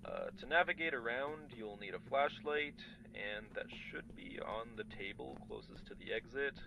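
A man voicing a casual phone guy in a horror game, giving relaxed night-shift instructions with lots of uhs. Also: mid-range voice, moderate pace, gravelly, a little hiss or hum. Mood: calm. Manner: relaxed, rambling with many uhs.

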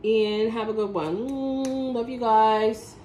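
A woman's voice: on the high side, steady tone, takes it slowly, a little hiss or hum, low-quality recording. A woman vlogging casually from her workplace, chatty and passionate, repeating herself and tagging her lines with "okay?". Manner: passionate, now and then gets loud. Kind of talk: casual chat to camera. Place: at work, indoors.

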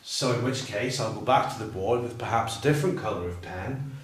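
A man explaining how he teaches English verb tenses, talking slowly and deliberately and drawing out his example phrases. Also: fairly low pitch, slight background noise. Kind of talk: teacher training walkthrough. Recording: roomy echo, voice far from the mic.

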